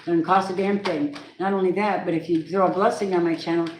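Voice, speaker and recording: A woman's voice: lowish voice, fairly even intonation, brisk, a little mellow. A woman giving a casual tarot reading, chatty and emphatic, with spiritual asides. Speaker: tarot reader. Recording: echoey room, faint background noise.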